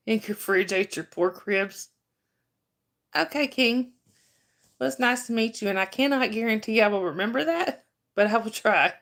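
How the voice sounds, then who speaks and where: A woman hosts a casual live-chat stream in a slightly high, a bit bright voice at normal speed, with long pauses. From North Georgia with a Southern American accent, she laughs often and greets viewers by name.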